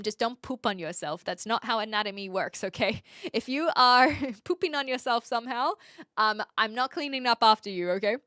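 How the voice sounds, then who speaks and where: A woman's voice: mid-range voice, fairly quick, a bit bright, smooth, no echo, clean studio sound. A woman streamer chatting casually and reading viewer comments aloud, giggly and joking. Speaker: livestreamer.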